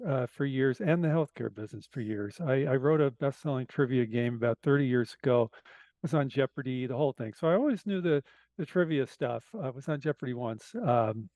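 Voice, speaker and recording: A man with a hoarse-sounding voice, a podcast guest telling an animated, self-deprecating story full of asides. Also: medium pitch, no echo, dull audio. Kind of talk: casual storytelling.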